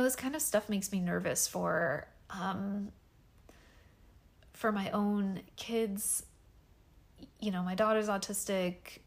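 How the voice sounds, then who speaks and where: Woman, 30s, solo podcast host; slightly low pitch, hesitant, soft-spoken delivery full of fillers. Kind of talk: casual personal podcast monologue. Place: home bedroom.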